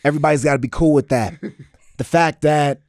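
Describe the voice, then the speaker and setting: A man's voice: fairly high pitch, a little fast, darkish tone, natural voice. A man doing an impression of a brash male comedian who gives a defensive joking apology and keeps repeating "listen.".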